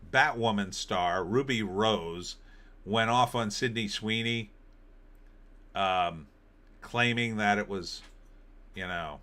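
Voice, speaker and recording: A man's voice: lowish voice, sharp tone. A middle-aged man hosting a show, casually commenting on headlines in a sarcastic, ranting way. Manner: sarcastic, ranting, mocking asides in put-on voices. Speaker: host of an opinion show.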